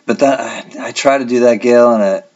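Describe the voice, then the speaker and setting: A man's voice: medium pitch, normal speed, darkish tone, dull audio. A man hosting a collectibles livestream, chatting casually and reading out viewer comments.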